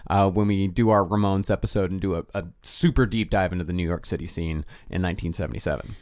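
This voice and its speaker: A man's voice: low voice, steady tone, fast talker, a little mellow, dry recording, studio quality. A man co-hosting a podcast in casual chat, laid-back and laughing often, swearing freely. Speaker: podcast co-host.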